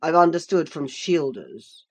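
A woman's voice: low voice, big pitch swings, unhurried, heavily acted. A pompous old magistrate who blusters and declaims, as a woman reads him aloud. His voice sits a little below the reader's own, and is otherwise close to it. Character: pompous older male magistrate.

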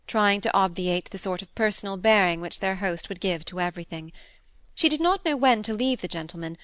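A woman's voice: medium pitch, fairly bright tone, no room sound. Woman narrating a classic novel. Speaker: audiobook narrator. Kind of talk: scripted narration.

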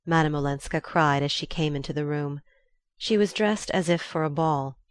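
A woman with a fairly low voice reads a classic novel aloud as an audiobook narrator, her delivery measured, even, and scripted. The recording is close and dry, without any echo.

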